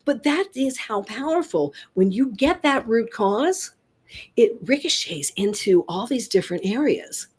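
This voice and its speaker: A woman guest on a casual interview chat, an animated and enthusiastic storyteller. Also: fairly high pitch, unhurried, slightly rough. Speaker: guest hypnotist.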